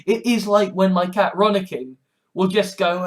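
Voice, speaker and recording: A man in his twenties in a rambling vlog monologue, halting and sardonic, with many restarts. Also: high-pitched. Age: 20s. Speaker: vlogger.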